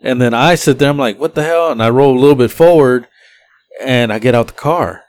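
A man's voice: mid-range voice, a little fast, dry recording. A man hosting a podcast, telling a story casually and profanely, acting out the people he quotes. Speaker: podcast host.

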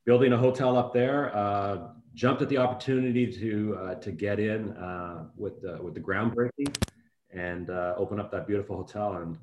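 A man's voice: fairly low pitch, moderate pace, darkish tone, lo-fi sound. A man in his fifties, a guest in an interview, talking in a friendly, rambling way with many restarts. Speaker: guest, hotel executive. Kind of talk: casual interview talk. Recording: echoey room.

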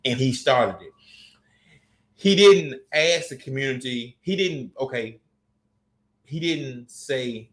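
A man co-hosting a casual chat, talking in an animated way and repeating phrases for emphasis. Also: medium pitch, unhurried, reverberant.

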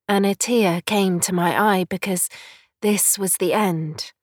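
A woman reading a poem and a short story aloud in a soft, solemn storytelling manner. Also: medium pitch, fairly even intonation, takes it slowly, dry recording, clean studio sound. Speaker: reader of poems and stories. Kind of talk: slow literary reading.

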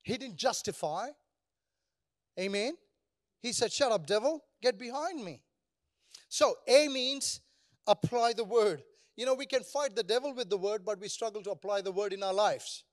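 A man's voice: high voice, normal speed. A male pastor preaching a sermon, asking the congregation rhetorical questions and calling for responses.

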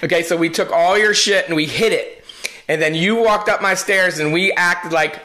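A man's voice: high voice, moderate pace, pushed and bright. A married man hosting a casual chat, animatedly retelling old pranks and laughing often.

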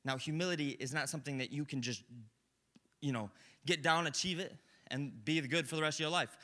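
A young man preaching a sermon, his voice sitting high for a man and ringing with a sharp, tense brightness. He talks in a lively, conversational way, swinging from loud, excited bursts down to hushed, quiet moments. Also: brisk.

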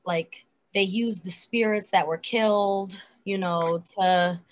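An animated, chatty woman talking through her favorite scenes of a TV episode in a relaxed podcast conversation. Her voice sits at an ordinary middle pitch, and her speech is full of casual fillers. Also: takes it slowly. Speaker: podcast co-host. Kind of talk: casual chat reviewing a TV episode.

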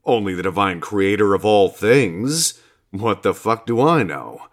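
A man's voice: lowish voice, lively intonation, a little slow. A man voicing a laid-back, foul-mouthed male God who talks like a casual bro, coaxing and swearing freely. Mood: joking. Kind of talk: audiobook character reading.

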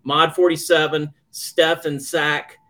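A man's voice: a little high, little pitch movement, fairly bright tone. A man co-hosting a podcast, chatting casually, rambling and joking. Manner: chatty, rambling, quick to joke. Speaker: podcast co-host. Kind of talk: casual chat.

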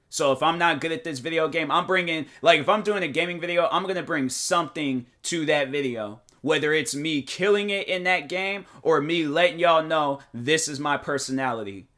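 A man hosting his own podcast, talking in a casual motivational monologue, animated and defensive, full of fillers and restarts. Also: on the high side. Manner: defensive, emphatic. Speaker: podcast host and YouTuber. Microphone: desk microphone.

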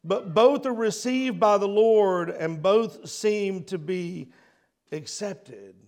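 Passionate man preaching, high-voiced. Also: takes it slowly. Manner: emotional, swings from loud to hushed. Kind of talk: sermon.

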